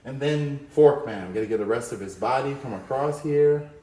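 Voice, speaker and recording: A man's voice: mid-range voice, normal speed, dark tone. Playful man teaching drawing, echoey room. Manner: upbeat, playful, talks while drawing. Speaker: art teacher. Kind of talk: drawing lesson.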